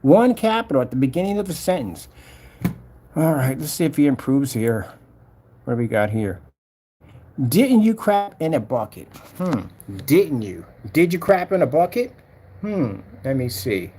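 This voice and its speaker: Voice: mid-range voice, sing-song, normal speed, mellow, slightly rough. A vlogger ranting casually to camera, scolding and mocking a troll while reading his comments aloud.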